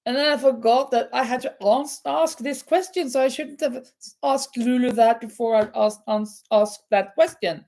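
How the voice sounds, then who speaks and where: A woman's voice: on the high side, moderate pace, hardly any pauses, darkish tone. A woman hosting a live crochet chat, reading out quiz questions and answering viewers, laughing often. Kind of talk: casual live-stream chat.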